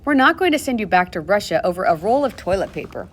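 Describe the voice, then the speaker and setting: A woman voicing a calm kindly nurse. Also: medium pitch, quick pace, a little hiss or hum, lightly acted. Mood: reassuring. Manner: calm, reassuring. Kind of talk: audiobook character voice.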